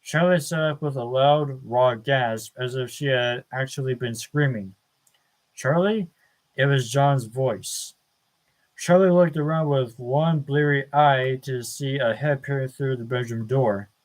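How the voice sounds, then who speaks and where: A man reading a novel aloud as an audiobook, measured and deliberate, with the odd stumble. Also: mid-range voice, steady tone, poor audio. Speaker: audiobook narrator. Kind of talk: slow dramatic book reading.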